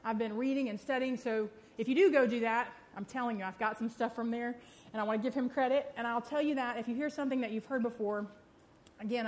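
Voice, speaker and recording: Female church speaker, fast self-deprecating sermon delivery, slightly high voice. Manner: quick, chatty and self-deprecating. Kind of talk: sermon teaching with prayer.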